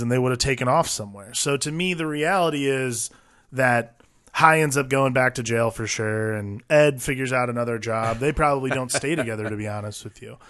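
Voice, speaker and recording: A man co-hosting a podcast, chatting casually and profanely about movies in a rambling, animated way. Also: medium pitch, dry recording, clean studio sound. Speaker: podcast co-host. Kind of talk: casual film discussion.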